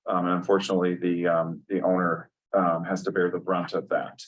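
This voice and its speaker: A man chairing a public appeals board meeting, speaking in a measured way with many pauses. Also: low-pitched, level tone, distant mic, highs cut off.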